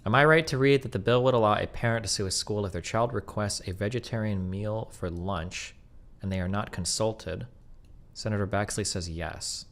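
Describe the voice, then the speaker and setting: A man's voice: lowish voice, moderate pace, fairly bright tone. A man in his thirties, a streamer debating in a casual, blunt, profane way and reading out bill text.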